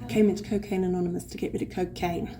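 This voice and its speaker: A woman from London tells her recovery story live at a convention hall with an audience, swearing freely and acting out other people's voices. She talks fast in a lowish, level voice with a dark tone, and there's a little hiss or hum.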